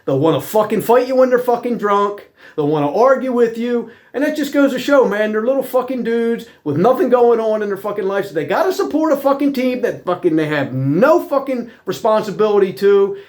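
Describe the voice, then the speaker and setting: Man, middle-aged, high lively voice, profane, heated storytelling. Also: fairly quick, few pauses. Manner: heated, swears constantly, blunt working-class talk. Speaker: vlogger telling personal stories.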